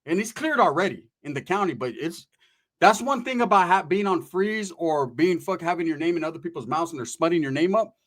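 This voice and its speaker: A man's voice: on the high side, lively intonation, fairly quick, a bit bright. A man telling a long story in casual, profane street slang. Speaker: podcast storyteller.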